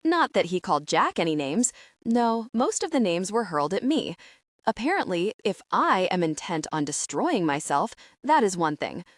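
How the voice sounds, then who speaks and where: A woman narrating a novel in first person with a wry, sardonic edge. Her pitch swings a great deal as she tells the story. The sound is dry and close, with no room around it. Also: very animated, moderate pace, no room sound. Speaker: audiobook narrator.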